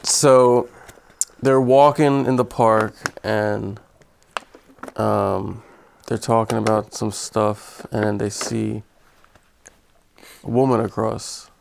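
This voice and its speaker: A man's voice: on the low side, little pitch movement, takes it slowly, gravelly, long pauses, darkish tone, slight background noise. A man co-hosting a podcast, cutting in with dry remarks in casual banter. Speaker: podcast co-host.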